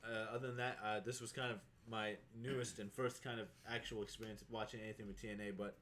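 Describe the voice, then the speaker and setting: Bright-voiced young man, easygoing. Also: lowish voice, little pitch movement, quick pace. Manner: easygoing, short replies. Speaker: podcast co-host. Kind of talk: casual podcast chat.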